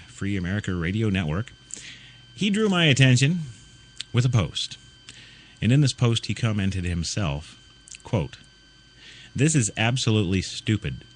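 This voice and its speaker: A man's voice: low voice, fairly bright tone. A man hosting a talk radio show, ranting in an indignant, sarcastic way full of rhetorical questions. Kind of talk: ranting opinion commentary.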